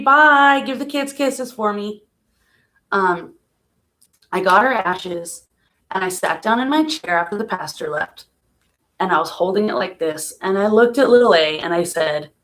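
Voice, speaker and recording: A woman talking casually on a home live stream about a painful loss, emotional and soft-spoken, laughing through sadness at times. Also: on the low side, moderate pace. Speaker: vlogger.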